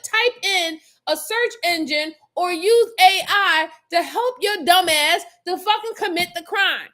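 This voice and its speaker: A woman's voice: extremely high pitch, unhurried, few pauses, pushed and bright. A woman hosting a crime reaction show, talking casually to her chat in a blunt, exasperated way, cursing and laughing often. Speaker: host reacting to crime videos.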